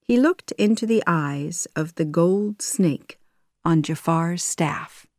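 A woman narrating a learner storybook with slow, careful reading. Her voice sits fairly low and every word is spaced out very slowly. The sound is dry and close, with no room echo. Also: darkish tone. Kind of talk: scripted narration of a graded reader.

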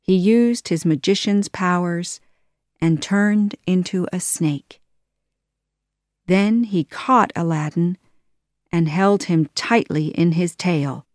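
A woman reading a children's story aloud, slow and deliberate. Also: lowish voice, a little mellow, no echo, studio quality. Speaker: storybook narrator.

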